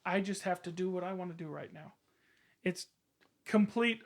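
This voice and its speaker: A man's voice: high voice, normal speed. A man co-hosting a podcast, talking in a reflective and sometimes playful way. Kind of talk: casual podcast discussion.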